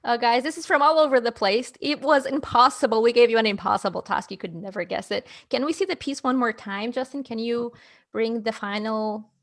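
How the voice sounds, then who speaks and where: A woman's voice: fairly high pitch, a little fast. A woman hosting an art livestream, chatty and promotional, reading out chat comments and running a giveaway. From Canada. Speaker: livestream host. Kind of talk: live stream hosting.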